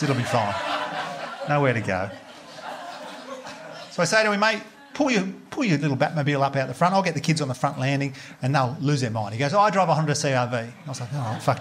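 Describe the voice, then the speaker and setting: An Australian man in a stand-up comedy set, with a voice sitting a little high for a man. He tells the story with lively swearing and acts out other people's voices with sudden high leaps. There is a clear layer of noise in the recording. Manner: animated, swearing, acts out quoted voices with big jumps up in pitch.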